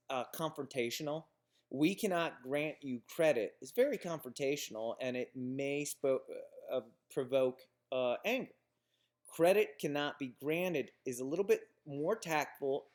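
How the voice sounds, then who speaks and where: A man's voice: on the high side, unhurried, darkish tone. Man lecturing on business writing. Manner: explains examples plainly, with restarts and fillers. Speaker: instructor.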